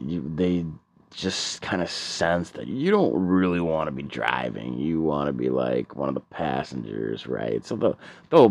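Male stand-up, deep voice, slow, profane, rambling with stuttered restarts. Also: a little mellow, no echo, highs cut off. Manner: rambling, profane, stammering repeats. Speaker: stand-up comedian. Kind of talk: stand-up comedy set.

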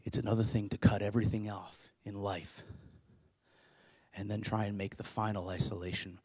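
Preaching man, loud peaks and hushed lows. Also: flat delivery, normal speed, husky. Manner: dynamic preaching, swinging from loud urgent build-ups to hushed, low passages. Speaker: pastor. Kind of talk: sermon.

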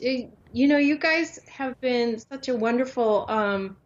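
A woman's voice: fairly high pitch, a little slow. A woman guest joining an interview over a video call, appreciative as she talks. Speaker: guest artist. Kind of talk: casual interview. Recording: dull video-call audio.

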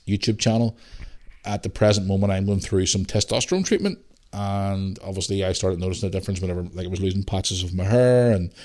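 A man in his thirties with a Northern Irish accent, telling stories animatedly on his podcast. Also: deep voice. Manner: animated storyteller, swears mildly, acts out voices in anecdotes. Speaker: podcast host. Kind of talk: casual storytelling monologue.

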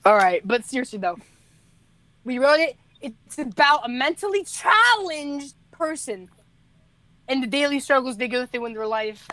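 A man's voice: very high-pitched, lively intonation, moderate pace, sharp tone, dry recording. A teenage boy, a musician co-hosting a podcast, telling rambling stories in casual chat, laughing and correcting himself as he goes.

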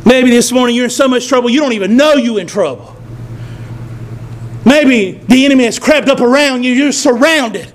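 A man preaching a sermon as pastor of his church, building to shouts and drawing call-and-response. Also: very high voice, moderate pace, slight background noise. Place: church sanctuary.

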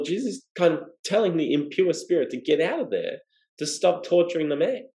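A man's voice: a little high, creaky, warm tone, echoey room, poor audio. A man preaching a sermon, explaining scripture and asking rhetorical questions. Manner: expository, asks rhetorical questions.

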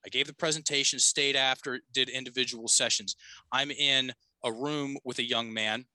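A man's voice: mid-range voice, fairly even intonation, normal speed, pushed and bright, no echo, rough recording. A man who is a podcast guest and coach, telling a story in a casual, emphatic way and swearing freely.

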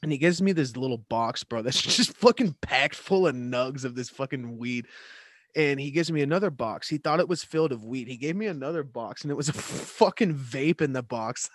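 A man's voice: mid-range voice, expressive, moderate pace, breathy edge, no echo, studio quality. A young man telling rambling, profane stories in casual chat with a friend, laughing often. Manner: loose, profane, laughing storyteller.

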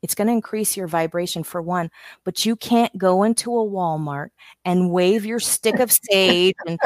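A woman's voice: fairly low pitch, moderate pace, no room sound, clean studio sound. A middle-aged woman from the United States, talking candidly and telling stories as a guest in a casual chat. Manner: candid, storytelling, self-interrupting.

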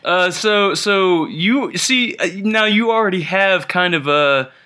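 A man hosting a casual podcast chat, rambling and joking with many halting restarts. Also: sits high, pushed and bright, smooth. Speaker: podcast host. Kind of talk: casual chat over a conference call.

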